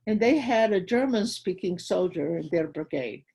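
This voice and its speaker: A woman's voice: on the low side, animated, normal speed, dark tone, slight background noise, poor audio. An older woman giving personal testimony to a school audience, retelling her memories vividly and acting out the dialogue. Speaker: guest speaker at a school.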